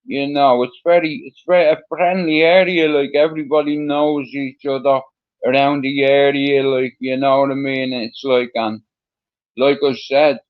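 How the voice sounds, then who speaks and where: A man's voice: mid-range voice, level tone, moderate pace. A middle-aged man from Ireland with a Dublin accent, a guest telling his story in a rambling, casual way, full of fillers and swearing. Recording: dull lo-fi sound.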